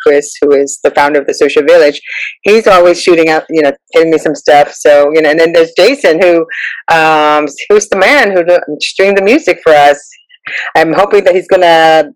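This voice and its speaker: A male host keeps a live audio room going in a chatty way. He thanks and names his listeners one after another. His voice sits a little high and the recording is dry. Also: dry recording, low-quality recording. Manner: chatty, name-checking, thankful.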